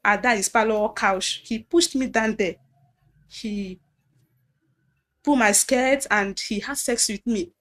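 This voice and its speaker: A Nigerian-accented woman with a slightly high voice tells her own story as a testimony. She speaks earnestly and haltingly, restarting sentences and repeating phrases as she goes. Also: fairly bright tone. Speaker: guest recounting abuse. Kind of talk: personal testimony.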